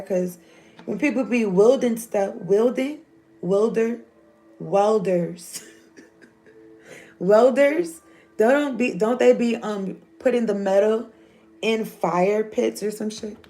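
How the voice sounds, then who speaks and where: A woman's voice: mid-range voice, slow, mellow, faint music behind. A woman, giving a loose, joking, profane tarot reading. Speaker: tarot reader.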